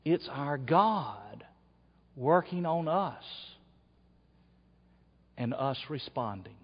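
A man preaching a sermon, dropping to quiet asides and then rising to loud shouts. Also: fairly high pitch, animated, extremely slow, breathy edge. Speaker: pastor. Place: church sanctuary. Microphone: wearable mic. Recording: dull, long hall reverb.

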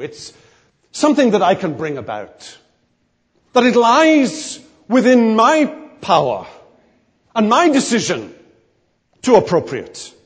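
A man's voice: sits high, breathy edge, pitched above the performer's own voice, full character voice. A man voicing a self-assured religious man who insists, breezy and confident, that salvation is easy. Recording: long hall reverb.

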